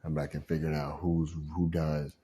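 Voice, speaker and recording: A man's voice: a bass voice, normal speed. A man venting in a casual monologue, rambling and frustrated, acting out the voices he quotes. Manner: animated, acts out quoted voices, frequent laughs.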